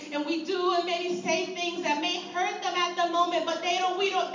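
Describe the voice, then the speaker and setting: High-voiced woman preaching in an echoey hall. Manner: impassioned, rising to near-shouts then dropping low. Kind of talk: sermon. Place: church sanctuary. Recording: echoey hall from far off, dull.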